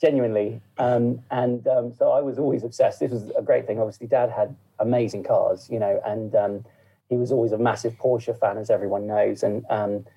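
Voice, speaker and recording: Guest: gravelly man, dark husky tone, loose rambling chat. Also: mid-range voice, fairly even intonation, normal speed, muffled recording. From England. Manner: rambling, full of fillers and asides. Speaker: podcast guest. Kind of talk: casual interview chat.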